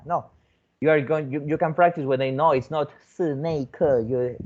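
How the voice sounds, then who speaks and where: A foreign teacher training teachers speaks at normal speed in a fairly high voice, heard through a muffled recording. His teaching demonstration talk is full of repeated words, restarts, and frequent rising "okay?" checks.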